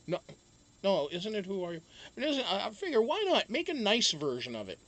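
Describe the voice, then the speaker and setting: A man's voice: high voice, big pitch swings, normal speed. A man hosting a casual live stream, chatting loosely, greeting viewers one by one and swearing freely.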